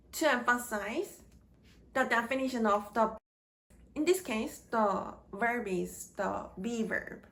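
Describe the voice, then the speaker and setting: A woman giving a scripted grammar lesson, speaking slowly and deliberately in short halting phrases. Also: a little high, fairly bright tone. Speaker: grammar teacher. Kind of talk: slow scripted grammar lecture.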